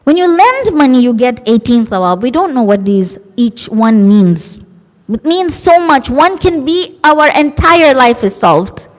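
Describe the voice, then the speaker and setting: A woman preacher giving an emotive religious sermon, expressive and acting out quoted voices. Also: high voice, a little slow. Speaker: female preacher. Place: large community centre hall. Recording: long hall reverb.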